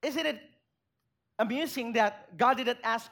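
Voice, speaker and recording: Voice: sits high, animated, moderate pace, a bit bright. A pastor preaching a sermon in church, making emphatic points and putting rhetorical questions to the congregation.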